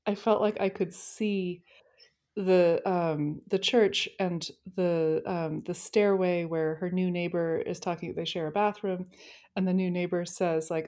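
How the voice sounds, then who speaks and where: A woman's voice: on the low side, a little slow. A woman co-hosting a casual book discussion, talking enthusiastically and telling stories about scenes. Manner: enthusiastic, lively storytelling.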